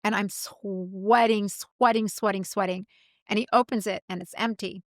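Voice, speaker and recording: A middle-aged woman co-hosting a podcast, chatting casually and telling an animated story with acted-out quotes. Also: mid-range voice, moderate pace, no room sound, clean studio sound. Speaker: podcast co-host. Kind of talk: casual chat.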